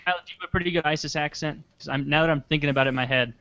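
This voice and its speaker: A young man chatting loosely, piling up sarcastic asides and curse words in a slightly high voice. The sound is a bit dull and lo-fi, dry with no room echo. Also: rapid-fire, sharp tone. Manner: rambling, sarcastic, profane. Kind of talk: casual chat.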